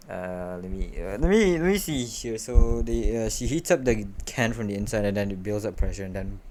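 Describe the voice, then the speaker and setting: A man's voice: on the low side, lively intonation, slight background noise. A young man casually reading a fan story aloud, stumbling over words and stopping for joking asides. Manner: reads haltingly, stumbles and corrects himself, joking asides. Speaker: fanfic reader. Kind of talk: casual read-aloud with commentary.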